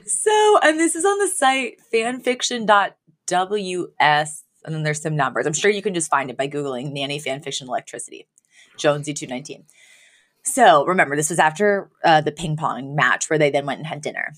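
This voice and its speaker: A woman's voice: deep voice, expressive, a little fast. A woman co-hosting a podcast, chatting casually and reading aloud, often laughing through her own jokes. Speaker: podcast co-host.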